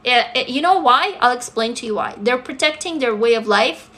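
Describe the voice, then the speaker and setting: A woman's voice: a little high, expressive, moderate pace, bright, forceful tone. A woman in her forties from Russia, talking candidly and emotionally to viewers on a phone livestream. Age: 40s. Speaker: livestream host. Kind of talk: casual livestream talk to viewers.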